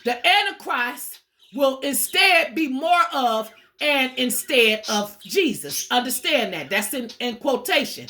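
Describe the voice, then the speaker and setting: A woman's voice: sits high, lively intonation, a little slow, sharp tone. A woman giving an informal sermon-style talk, emphatic and repetitive, casually swearing and calling her listeners "y'all". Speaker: spiritual teacher.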